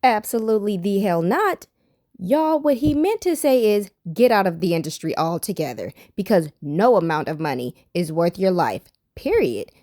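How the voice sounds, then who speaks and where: A woman's voice: medium pitch, sing-song, moderate pace, mellow, dry recording, clean studio sound. A woman hosting a commentary channel, firmly scolding and correcting what she just heard as she speaks to her viewers. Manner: firm, scolding, addresses viewers. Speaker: commentary host. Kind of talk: casual reaction commentary.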